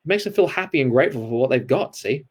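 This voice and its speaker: A man voicing an anxious old male servant in a read-aloud storybook scene, with a higher, pinched delivery. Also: animated, quick pace, slightly rough.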